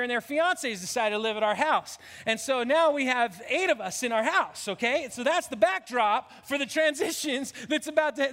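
A man in his fifties preaching a sermon as a pastor, animated and emotional, often restarting his sentences. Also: extremely high pitch, in a large hall. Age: 50s.

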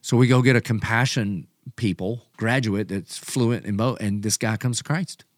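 A man's voice: fairly low pitch, normal speed, no echo, clean studio sound. A man telling a story in a casual podcast chat, acting out what he and others said. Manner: animated storyteller, quotes himself and others. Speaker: pastor and podcast host.

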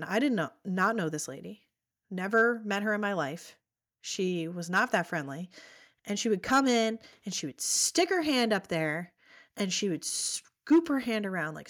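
A woman in her thirties telling a personal story as a podcast guest, animated, acting out what people said. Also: medium pitch. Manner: animated storytelling, acts out quoted voices.

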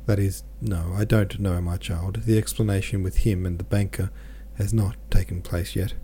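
A man reading a grave, gentle old father. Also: low voice, fairly even intonation, moderate pace, a little hiss or hum. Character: aging father, a gentle, worried merchant.

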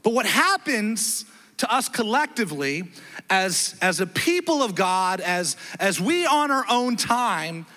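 A man pastor preaching a sermon in a church, telling a story with lively, self-deprecating delivery and acting out the dialogue. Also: high-pitched, a little slow, big-room sound. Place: church sanctuary.

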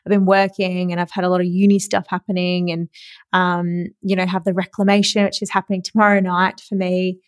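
A young Australian woman hosting a podcast, telling a story in a chatty, excitable way with frequent laughs and casual swearing. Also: fairly low pitch, fairly quick, dry recording. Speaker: podcast host.

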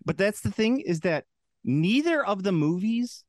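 A man's voice: high voice, sing-song, measured pace, no room sound. A man co-hosting a podcast, talking casually and opinionatedly, swearing freely. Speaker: podcast co-host.

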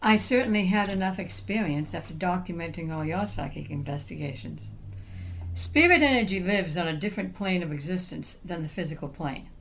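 A woman co-hosting a podcast, calmly reading out a prepared explanation in a measured way. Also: lowish voice, vocal fry, a little hiss or hum, rough recording. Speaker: podcast co-host.

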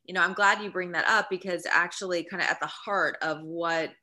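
Earnest woman with a bright, forceful voice. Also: lowish voice, fairly even intonation, brisk. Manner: earnest, emphatic, explaining with examples. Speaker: guest author. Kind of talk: podcast interview.

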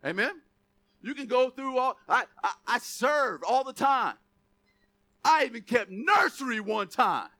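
Preaching in a punchy, conversational way, this pastor jokes often, chuckles a lot and asks his congregation "Amen?" and "right?" His voice is very high, animated and sharp in tone, moving a little slowly.

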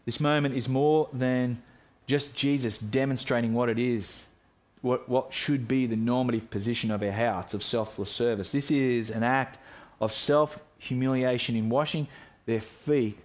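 Male pastor mid-sermon. Earnest and reflective, mid-pitched, restarts phrases. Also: steady tone, unhurried, darkish tone.

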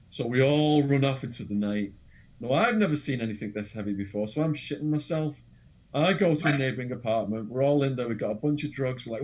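A man with an English accent, an interview guest telling an animated, dramatic anecdote full of quoted voices. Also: mid-range voice, fast talker. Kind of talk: storytelling anecdote.

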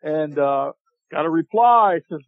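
A man telling a long hunting story as a podcast guest, animated and laughing as he goes. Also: a little high, normal speed, dry recording. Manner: animated, laughs while telling, acts out shouted quotes. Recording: tinny dry phone-line audio.

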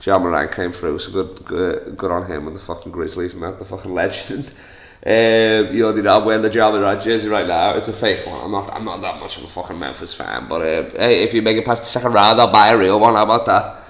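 A man's voice: low-pitched, fairly even intonation, fairly quick, fairly bright tone, roomy sound. A young man with a Scouse accent hosting his solo podcast, rambling, joking and swearing a lot from his living room. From Liverpool, England. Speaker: podcast host. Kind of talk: casual solo podcast rant.

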